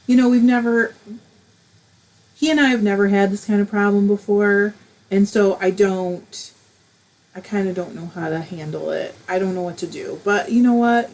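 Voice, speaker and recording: A middle-aged woman talks casually to her livestream viewers from a home craft room, her voice at an ordinary middle pitch. She sounds emotional and close to tears at times, then laughs it off and keeps going. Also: darkish tone, a little hiss or hum, poor audio. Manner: emotional, tearful at moments, laughing it off. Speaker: host of a live crafting stream. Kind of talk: casual livestream chat, reading comments aloud.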